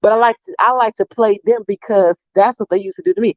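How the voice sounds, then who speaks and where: A woman vlogger casually telling family stories to her viewers, animated and swearing freely. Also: medium pitch, quick pace, dry recording, muffled recording.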